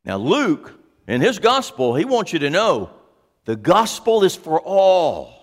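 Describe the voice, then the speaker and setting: A male pastor delivers a sermon in a high voice that swings widely up and down. He takes his time, leaning on each phrase and turning to his listeners with questions. A long hall reverb trails every word. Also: measured pace. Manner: animated, asks the congregation questions.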